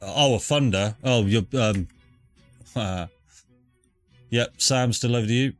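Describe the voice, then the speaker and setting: A man's voice: medium pitch, takes it slowly, faint music behind. A man running a tabletop game as dungeon master, easygoing and thinking aloud over the rules.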